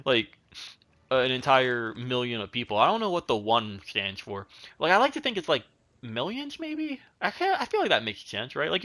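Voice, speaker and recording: A man's voice: mid-range voice, bright, forceful tone. A young man giving rambling, casual commentary while he plays a strategy game, chatting at his units. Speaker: gaming channel host.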